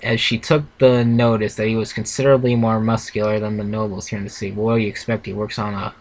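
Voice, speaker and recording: A man's voice: lowish voice, flat delivery, fast, a little mellow, slight background noise, rough recording. A young man reading a fan story aloud with a co-host, casual and stumbling, correcting himself. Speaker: fanfiction reader, co-host. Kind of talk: casual read-aloud reaction.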